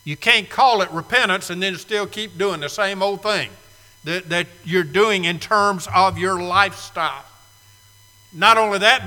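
A man's voice: high voice, pushed and bright, big-room sound. A man preaching a sermon to a live congregation, emphatic and fond of repeating key phrases. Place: church sanctuary, live congregation.

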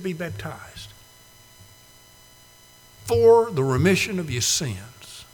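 A man preaching a sermon, swinging from loud to hushed, with slow emphatic phrasing. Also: fairly high pitch. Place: church sanctuary. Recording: long hall reverb.

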